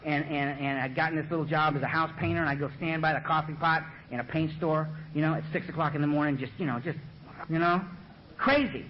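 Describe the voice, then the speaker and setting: A man speaking at a recovery meeting, telling his own story with humor, loose and animated, full of "you know" and "man", laughing at himself, on a podium mic in a dull lo-fi recording. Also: a little high, fast, slight background noise. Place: meeting room at the front.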